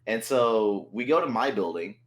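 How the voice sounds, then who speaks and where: A man's voice: lowish voice, animated, normal speed, poor audio. A young man, co-host of a podcast, telling a story in casual chat, acting out quotes and swearing a lot.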